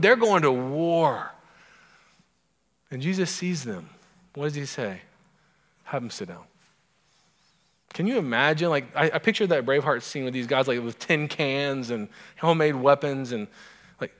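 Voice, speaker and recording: Male pastor, mid-pitched, chatty storytelling sermon with asides, big reverberant sanctuary. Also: animated, a little slow, long pauses, fairly bright tone. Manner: conversational, self-interrupting storyteller with asides to the congregation. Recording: long hall reverb.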